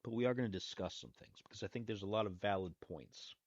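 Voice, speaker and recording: A man's voice: lowish voice, quick pace, no room sound. A man hosting his own podcast, talking casually and rambling loosely. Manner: loose and rambling, with restarts and asides. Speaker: podcast host. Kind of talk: casual solo podcast talk. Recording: dry, dull lo-fi sound.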